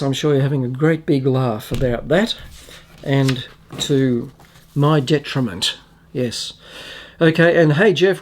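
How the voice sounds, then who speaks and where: Slow-spoken Australian man. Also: a little high. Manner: slow, unhurried, reads questions aloud then answers. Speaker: food vlogger. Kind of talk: casual Q&A reading viewer comments.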